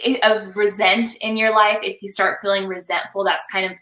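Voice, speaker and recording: A young adult woman, a confidence coach, chatting as a guest on a live stream, animated and laughing often as she acts out little scenes. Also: medium pitch, brisk, echoey room. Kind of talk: casual live-stream chat.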